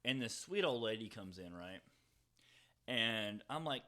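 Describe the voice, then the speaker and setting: A young man with a bright, forceful voice spins a long, rambling story on a casual podcast. He swears freely, laughs a lot and keeps checking in with his friends as he talks. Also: fairly low pitch, big pitch swings, moderate pace. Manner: rambling, profane, laughs often. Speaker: podcast co-host.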